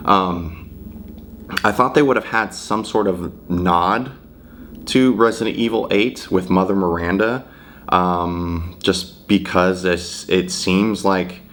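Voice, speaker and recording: Deep-voiced man rambling through a game review. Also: slow pace, fairly bright tone. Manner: rambling, profane, hesitant with many fillers. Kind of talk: casual game review monologue.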